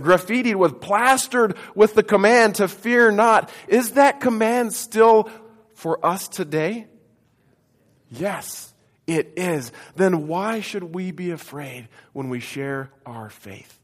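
High-voiced preacher in echoing church. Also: male voice, slow pace. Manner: call-and-response preaching, swings from loud to hushed. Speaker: pastor. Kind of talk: sermon. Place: church sanctuary. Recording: echoey church hall.

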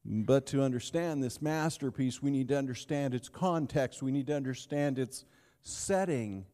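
Pastor preaching in a reverberant hall. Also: male voice, medium pitch. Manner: storytelling with dramatic pauses and swings between loud and hushed. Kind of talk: sermon.

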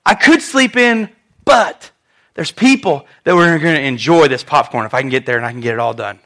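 A man delivers a sermon in church with a high voice and a lively, chatty way of preaching. His tone is bright and forward, and he often turns to the congregation with direct asides. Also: fairly quick. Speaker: pastor.

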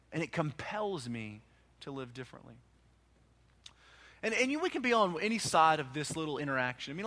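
A male pastor delivering a sermon with a high, bright voice. He preaches with passion, swelling to loud urgent peaks and then sinking into hushed, quiet stretches. His tone is forceful and clear.

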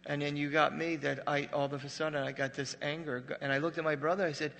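A man in his sixties, a pastor preaching a sermon and sharing a personal story with emotion, swinging from loud emphatic peaks to hushed grief. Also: fairly high pitch, level tone, a little fast, gravelly, few pauses, slight background noise. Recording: reverberant hall.

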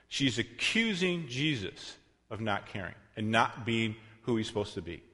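A man preaching a sermon in a conversational way, with asides and self-corrections, swinging between loud emphasis and quiet passages. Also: fairly low pitch, sing-song, moderate pace. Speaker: pastor. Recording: long reverb of a large hall.

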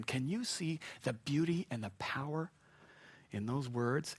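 A man's voice: fairly high pitch, expressive, a little slow, a bit bright, husky, no echo. A man preaching a sermon in a jokey, chuckling, conversational way. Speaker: pastor.

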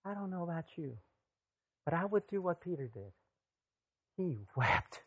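A pastor preaches in a relaxed, conversational style, frequently putting rhetorical questions to the audience. His mid-range voice has lively intonation and moves a little slowly.

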